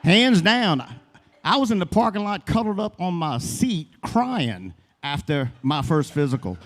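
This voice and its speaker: Man in his fifties, rambling folksy storyteller, somewhat high voice, club reverb. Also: sing-song, measured pace. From Louisiana. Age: 50s. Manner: rambling, folksy, long-winded. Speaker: open mic comedian. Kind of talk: stand-up storytelling. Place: comedy club stage.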